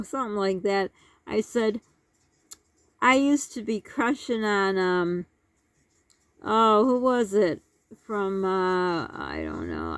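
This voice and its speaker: A woman's voice: fairly high pitch, creaky, no echo. A middle-aged woman telling childhood stories in a casual, rambling way, laughing often as she talks. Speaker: vlogger. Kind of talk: casual storytelling.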